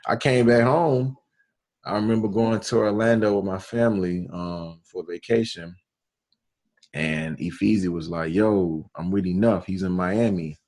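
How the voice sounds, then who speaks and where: A radio DJ from Alabama, telling his story in a relaxed interview with slang and quoted dialogue. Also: low-pitched, unhurried. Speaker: radio DJ, podcast guest.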